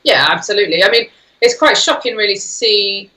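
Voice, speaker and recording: A woman speaking as a guest on a political talk show, forceful and indignant. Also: medium pitch, brisk, rough recording.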